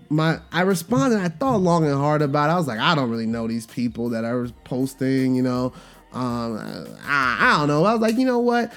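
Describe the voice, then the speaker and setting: Guy hosting a podcast, kinda high voice, rambles and does little voices for quotes, music low in the back. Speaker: podcast host. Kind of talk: casual podcast monologue.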